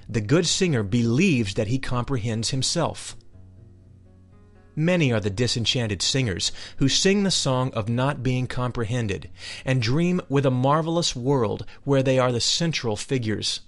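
A man giving a solemn, measured reading of a spiritual text, dwelling deliberately on each phrase. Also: mid-range voice, animated, soft background music. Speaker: reader of spiritual teachings.

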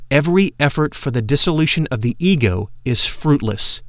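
A man reading an audiobook aloud in a solemn, measured way, stressing key words. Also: on the high side, animated, dry recording. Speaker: audiobook narrator. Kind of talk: scripted audiobook narration.

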